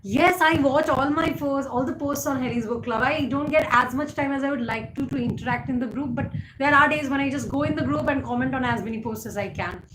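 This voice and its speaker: A chatty woman hosts a live stream and answers viewer questions off the cuff. Her voice sits a little high, and she fills her talk with fillers and quick laughs. The sound is roomy and echoey, with a steady hiss of background noise. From India. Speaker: livestream host. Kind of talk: casual live chat answering viewer comments.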